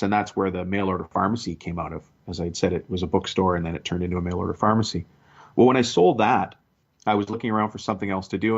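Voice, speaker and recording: A man in his forties, a business coach, telling his story in a relaxed podcast interview. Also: fairly low pitch. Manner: storytelling, conversational with restarts. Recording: dull lo-fi sound.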